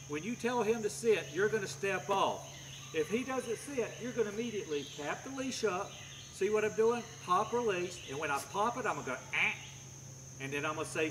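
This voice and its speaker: A man's voice: sits high, a bit bright, slight background noise, poor audio. A man working as a dog trainer, explaining his methods step by step while giving short commands and praise to a dog. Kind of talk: hands-on training demonstration.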